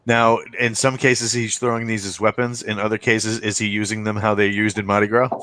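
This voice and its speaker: A man co-hosting a podcast in casual chat, polite and halting with many fillers. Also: lowish voice, little pitch movement, noisy background.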